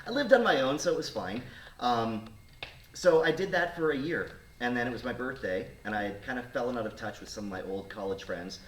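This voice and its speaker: In a medium-pitched voice and at a slightly quick clip, a man in his thirties who hosts a radio talk show spins a casual story for a studio audience. He's animated, performing the quoted voices, and the sound is roomy and faintly noisy from a distant mic.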